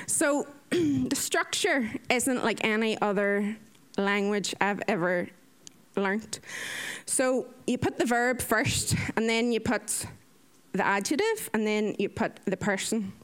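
Irish woman, 30s, high-pitched, animated storyteller, laughs often, mimics others. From Ireland. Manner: lively, laughs often, acts out others' voices. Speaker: nurse. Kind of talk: anecdotal storytelling.

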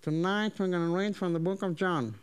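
A man voicing a sweet Southern woman with a Southern American accent, gently leading a Bible study. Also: high voice, steady tone, brisk, natural voice. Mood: gentle. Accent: Southern American, as put on.

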